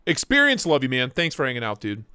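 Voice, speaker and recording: A young man hosting a casual knife livestream from his home office, excitable and joking as he reacts to chat. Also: medium pitch, fast, smooth, no room sound, studio quality. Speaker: livestream host reviewing knives. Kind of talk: casual live-stream chat.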